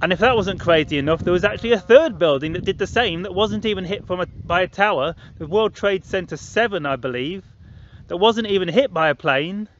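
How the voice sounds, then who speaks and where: A man in his late thirties tells his own story in a loose, rambling monologue, his voice sitting a little higher than most men's. He repeats himself often and jumps into other people's voices to act out their reactions. The audio is a bit muffled and lo-fi. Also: fairly quick, noisy background. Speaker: vlogger.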